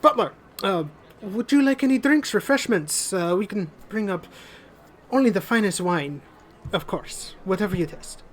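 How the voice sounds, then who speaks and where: A man's voice: high-pitched, animated, moderate pace, a little hiss or hum, pitched above the performer's own voice. A man voicing a welcoming aristocratic lord who repeats himself and tags questions with "no?". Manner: effusive, repeats words, ends questions with "no?". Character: welcoming aristocratic male lord, eager host.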